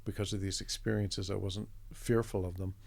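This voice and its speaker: Man, from Canada, middle-aged, low voice, conversational storytelling. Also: flat delivery, moderate pace, creaky, a little mellow, dry recording. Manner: reflective, meandering anecdotes with restarts. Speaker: interview guest, artist.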